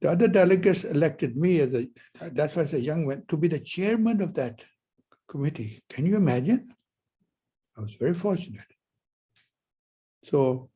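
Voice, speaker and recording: A man's voice: mid-range voice, dark tone, slightly rough, rough recording. A man in his seventies giving a university lecture, telling a rambling personal story full of rhetorical questions. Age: 70s. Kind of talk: classroom lecture.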